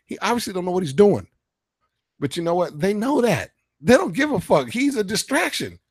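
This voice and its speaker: Talk-radio host, male, fiery and profane, slightly high voice, dry close sound. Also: big pitch swings, a little fast, breathy edge, dry recording. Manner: heated, profane, emphatic. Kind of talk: casual political rant.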